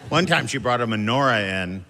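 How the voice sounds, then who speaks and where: A man performing a stand-up routine with wry, deadpan family stories and lively mimicry of his relatives. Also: medium pitch, fairly quick. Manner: wry, deadpan storytelling that jumps into family voices. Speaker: stand-up comedian. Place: large theater stage with a laughing audience. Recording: long hall reverb, clear audience noise.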